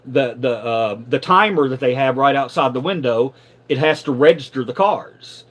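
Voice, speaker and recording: A middle-aged man on a live stream telling a story casually, animated and profane, stumbling over repeated words when riled up. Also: mid-range voice, normal speed.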